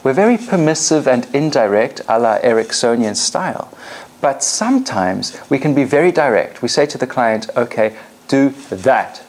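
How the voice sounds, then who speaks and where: Animated woman coach leading a demo. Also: a bass voice, normal speed. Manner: animated, directive, demonstrative. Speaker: NLP coach trainer. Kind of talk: live training demonstration. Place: training room with an audience.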